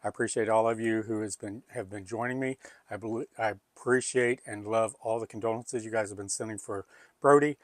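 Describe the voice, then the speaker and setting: A man's voice: on the low side, fairly even intonation, fairly quick, no room sound, clean studio sound. A man hosting a home cooking video, talking in a folksy, chatty, rambling way. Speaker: cooking channel host. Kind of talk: casual cooking video chat. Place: home kitchen.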